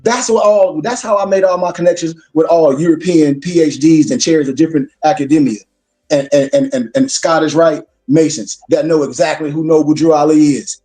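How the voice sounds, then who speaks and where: A man's voice: on the high side, brisk, dark tone, soft background music. A man lecturing his class as a minister, emphatic and preacherly, repeating his points for weight.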